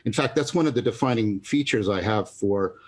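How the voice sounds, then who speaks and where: A man as a podcast guest, explaining ideas in a halting, lecturing way, often restarting to search for words. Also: fairly low pitch. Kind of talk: intellectual conversation.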